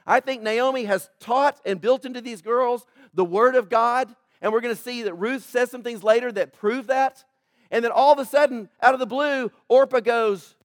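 High-voiced male pastor preaching emphatically. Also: moderate pace, no room sound, clean studio sound. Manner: emphatic preaching with swings between loud build-ups and hushed asides; addresses the congregation directly, calling for responses. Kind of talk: sermon. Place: church, in front of a congregation.

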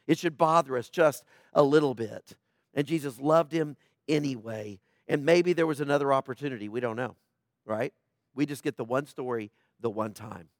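A male pastor preaching a conversational sermon, often checking in with his listeners and dropping to a hush at tender points. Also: high-pitched, no room sound, studio quality. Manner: conversational preaching, frequent "right?" tags, swings from loud to hushed.

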